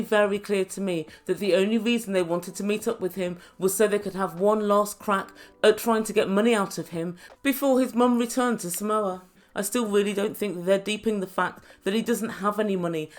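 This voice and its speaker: A woman's voice: medium pitch, a little fast. A woman reviewing a reality show, chatty and wry with sarcastic asides. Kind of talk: casual recap commentary.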